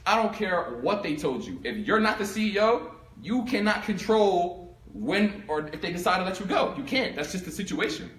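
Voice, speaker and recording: A young man from Philadelphia giving a storytelling talk to a live audience, animated and acting out both sides of his story. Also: sits high, normal speed. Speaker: speaker giving a talk on income. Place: room with an audience. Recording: echoey room.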